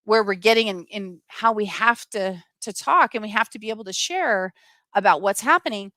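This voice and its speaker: A woman's voice: mid-range voice, moderate pace, sharp tone, no echo. A middle-aged woman hosting a livestream, talking earnestly and with passion to her viewers and reading out their comments. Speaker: livestream host. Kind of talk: live-streamed personal talk to viewers.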